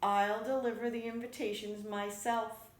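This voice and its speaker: A woman's voice: on the high side, little pitch movement, unhurried, close to an everyday voice. A woman voicing a fussy, hard-working female iguana in a storybook reading, with a bossy, exasperated manner. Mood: insistent. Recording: echoey room.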